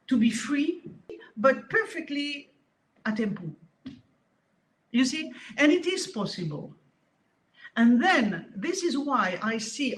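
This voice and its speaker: Speaking at medium pitch with a little hiss or hum on the recording, this French-accented woman, a harp teacher, gives a casual interview. Her delivery is animated and emphatic, full of restarts.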